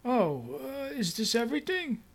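A man's voice: extremely high pitch, very animated, a little slow, pitched above the performer's own voice, heavily acted. A man voicing an awkward new male boss who hesitates and fills his talk with "uh" and "um". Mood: hesitant. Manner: hesitant, full of "uh" and "um".

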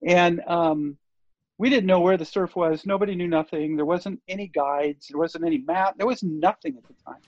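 A man's voice: a little high, normal speed, dry recording. An older man, a guest on an interview show, telling a story in a loose, rambling way with lots of fillers and restarts. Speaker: interview guest, surf TV producer. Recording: dull lo-fi dry recording.

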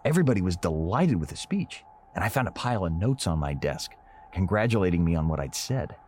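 An actor playing an anxious, cranky middle-aged husband who narrates in an old-time radio drama. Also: male voice, sits low, very animated, brisk, a little mellow, slight background noise. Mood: brooding. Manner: tense, brooding, defensive.

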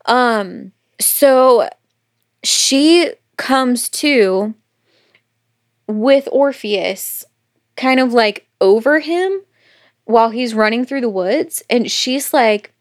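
A woman co-hosting a podcast, retelling a novel's plot in a casual chat with quick quoted asides, swearing and laughter. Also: fairly high pitch, expressive. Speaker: podcast co-host. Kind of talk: casual book recap chat.

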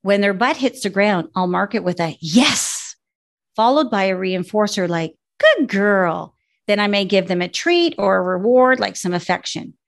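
Woman dog trainer, gravelly edge, steady explainer tone, podcast chat. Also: medium pitch, a little fast, few pauses.

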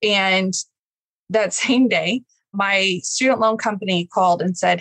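A woman's voice: medium pitch, a little slow, fairly bright tone, dry recording, low-quality recording. Earnest woman from Texas, dry sound. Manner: emotional, earnest storytelling. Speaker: guest. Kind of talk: candid personal story in an interview.

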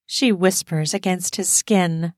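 A woman narrates an erotic audio story in a steady, explicit storytelling manner. Her voice sits close to the mic with a dry, dead sound. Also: lowish voice, takes it slowly, dry recording.

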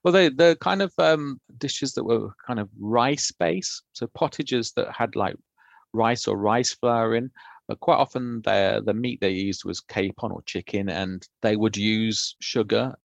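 Man, gravelly low voice, dry close sound, explains thoughtfully. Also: unhurried, no echo. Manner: thoughtful, explanatory, reads old recipe text aloud. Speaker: food historian guest. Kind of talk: casual podcast conversation.

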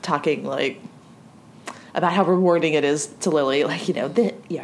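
Female podcast co-host, lower voice, laughs often, faint background hiss. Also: brisk. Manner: giggly, easygoing. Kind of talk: casual recap chat.

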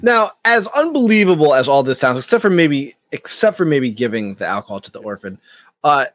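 A man's voice: on the high side, sing-song, a little fast, a bit bright, dry recording. A man co-hosting a podcast in casual movie talk, chiming in with wry asides and some swearing. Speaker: podcast co-host. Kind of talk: casual movie recap chat.

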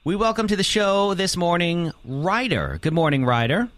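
A male morning radio host with a bouncy, animated delivery that swings up and down as he jokes with his co-hosts. His voice is close and dry on a studio mic, with no room sound at all. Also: sits high, moderate pace, no room sound. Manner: animated, joking, talkative. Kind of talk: casual studio banter. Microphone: studio microphone.

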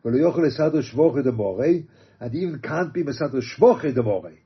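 A man teaching a religious text, reading quotes aloud and explaining them halting restarts. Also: medium pitch, lively intonation, breathy edge. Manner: reads Aramaic and Hebrew quotes then explains in English, halting restarts. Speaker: Torah teacher. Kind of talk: text study lecture. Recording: dull lo-fi recording.

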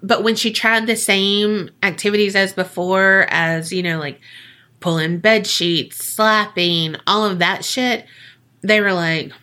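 A woman hosts a podcast and tells a creepy tale in loose, profane, joking chat. Her voice is bright and forward, and she talks at an unhurried pace, scattering "like" through her sentences. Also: mid-range voice. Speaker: podcast host. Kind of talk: casual storytelling chat.

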